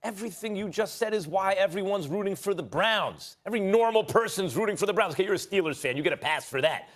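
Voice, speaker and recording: A man making rapid-fire, argumentative rebuttals as a host on a televised sports debate show. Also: sits high, lively intonation. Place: TV studio.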